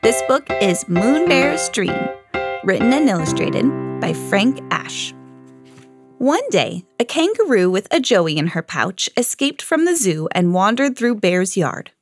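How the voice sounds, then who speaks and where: A woman hosting a children's read-along podcast, reading a picture book aloud in a clear, gentle storytelling manner. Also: medium pitch, sing-song, unhurried, music in the background.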